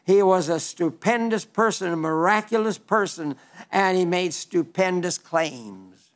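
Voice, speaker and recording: High-voiced earnest Oklahoma preacher. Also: male voice, measured pace. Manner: earnest, emphatic, repeats phrases. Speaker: broadcast preacher. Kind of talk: sermon with listener letters.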